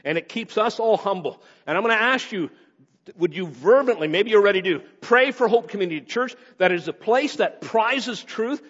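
A male pastor preaching a sermon, swinging between raised emphasis and quick, low asides. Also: a bit bright. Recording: dull sound with long hall reverb.

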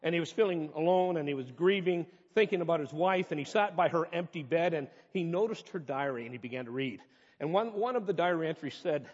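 A man's voice: fairly high pitch, fast talker. A man preaching a sermon as pastor, earnest and conversational, rising to impassioned peaks, recorded in a church. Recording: reverberant hall, dull muffled sound.

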